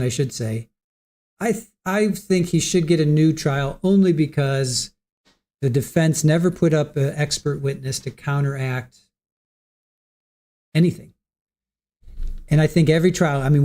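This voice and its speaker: Livestream host, male, warm and slightly high voice, unscripted and halting, mulls over viewer comments. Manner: hesitant, repeats words, thinks aloud; reads viewer comments and answers them. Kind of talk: casual commentary reading chat.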